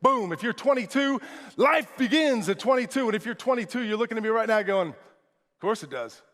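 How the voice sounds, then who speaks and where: A man who is a motivational speaker, giving an energetic, emphatic keynote speech in a large conference room. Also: very high voice, a little fast. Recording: echoey large hall.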